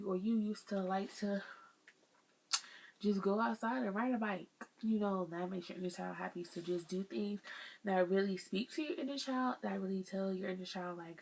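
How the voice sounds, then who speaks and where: A young woman talks straight to her viewers in a casual advice vlog. She sounds earnest and chatty. Her pitch sits in an ordinary middle range. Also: steady tone, normal speed, a little mellow, husky. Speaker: vlogger sharing life lessons.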